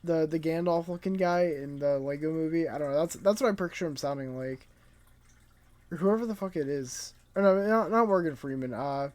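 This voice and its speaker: A man's voice: a little high, fairly quick, darkish tone. A man reviewing a comic chapter in casual, rambling commentary, laid-back and profane, sounding tired late at night.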